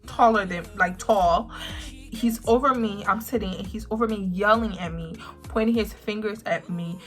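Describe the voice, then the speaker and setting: A young woman vlogger telling a personal story with emphatic, drawn-out words. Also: mid-range voice, fairly bright tone, soft background music. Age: young adult. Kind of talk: storytime vlog.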